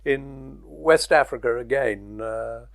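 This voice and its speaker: In an oral history interview, an older British man looks back on his career, telling anecdotes and chuckling as he goes. His voice is mid-range with vocal fry, he speaks slowly, and there is no echo.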